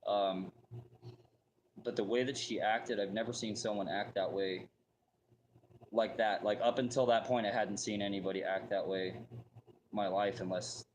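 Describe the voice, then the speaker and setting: A man's voice: fairly low pitch, steady tone, normal speed, pauses often, a little mellow, a little hiss or hum, low-quality recording. A man telling a personal story in a casual, rambling way, full of fillers and restarts.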